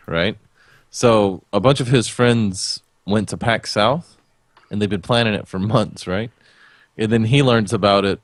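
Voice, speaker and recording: A man's voice: fairly low pitch, dry recording. A man co-hosting a gaming podcast, chatting casually and bluntly, swearing freely. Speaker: podcast co-host.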